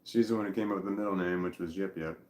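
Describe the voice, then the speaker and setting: Middle-aged guy rambling through a casual vlog, lowish voice, swears a bit, roomy echo. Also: steady tone, a little mellow. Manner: rambling, halting, profane. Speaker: vlogger.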